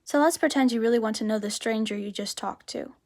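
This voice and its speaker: A woman's voice: a little high, quick pace. Woman teaching a chatty beginner lesson. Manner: chatty, explains step by step; speaks example phrases with lively rises.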